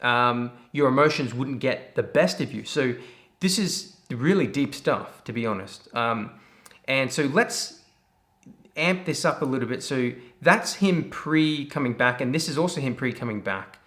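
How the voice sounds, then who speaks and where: A man casually breaks down video clips for his viewers in a mid-pitched voice. His phrasing is loose and reflective. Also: animated, measured pace, fairly bright tone. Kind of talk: casual analysis.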